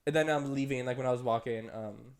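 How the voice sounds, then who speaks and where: In a steady tone and quick pace, a young man co-hosting a podcast tells a long story in casual, rambling chat, leaning on "like" and "um." He jumps up high when quoting voices and laughing.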